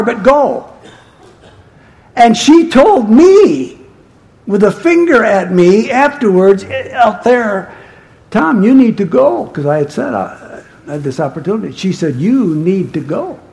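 High, lively male pastor preaching. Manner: conversational storytelling, turning emphatic. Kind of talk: sermon.

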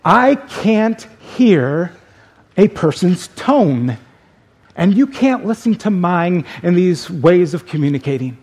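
Slow, husky-voiced male preacher. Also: high-pitched, very animated, a little mellow. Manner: slow, deliberate preaching with dramatic pauses. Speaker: pastor. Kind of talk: sermon.

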